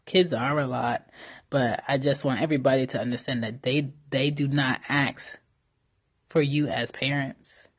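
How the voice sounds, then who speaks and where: A woman's voice: rumbling low, steady tone, unhurried, husky. A young woman hosting a solo podcast, talking candidly and casually about motherhood, with fillers and mild swearing. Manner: candid, conversational, with frequent fillers and mild profanity. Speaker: podcast host.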